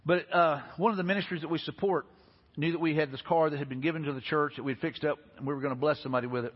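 A man preaching from the pulpit with a high, somewhat husky voice. He talks earnestly, repeating key lines and rising to emphatic peaks. The sound is dull and echoes through a large church hall, with faint music underneath. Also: steady tone, racing. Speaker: pastor. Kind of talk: sermon. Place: church sanctuary.

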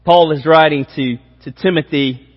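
A man's voice: on the high side, normal speed. A man preaching a sermon as pastor, speaking directly and emphatically to his congregation. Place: church auditorium. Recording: dull sound with long hall reverb.

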